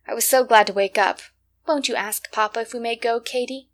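A woman's voice: a little high, a little fast, natural voice. A woman doing a fretful young girl. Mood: pleading. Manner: fretful, pleading.

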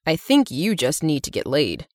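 A woman reading the lines of a nervous, awkward young man in an audiobook, her voice dipped slightly lower. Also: huge pitch swings, moderate pace, dry recording, clean studio sound. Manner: hesitant, mild.

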